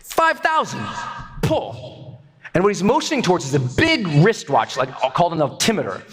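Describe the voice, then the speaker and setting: A man telling a comic story to an audience from a stage, animated and prone to loud outbursts. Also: high-pitched, quick pace. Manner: animated, bursts into loud exclamations. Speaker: stage speaker.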